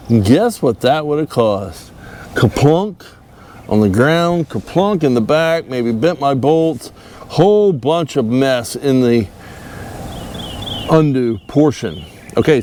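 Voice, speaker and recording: A man's voice: medium pitch, a little mellow, a little hiss or hum. A man hosting a casual do-it-yourself vlog while working on a boat trailer outdoors, folksy and self-mocking, chuckling as he talks. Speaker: channel host doing a boat trailer fix-up. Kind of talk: casual DIY vlog talk to camera.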